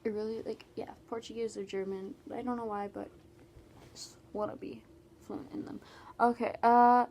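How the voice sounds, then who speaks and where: A woman's voice: fairly high pitch, steady tone, normal speed, darkish tone, a little hiss or hum. A teenage girl from Canada, chatting casually in a Q&A vlog with many "like"s and trailing asides. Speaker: vlogger.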